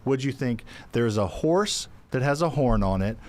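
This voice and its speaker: A man co-hosting a casual investing podcast, loose and joking, thinking out loud and swearing now and then. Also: mid-range voice, animated, moderate pace. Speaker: co-host of a real estate investing show.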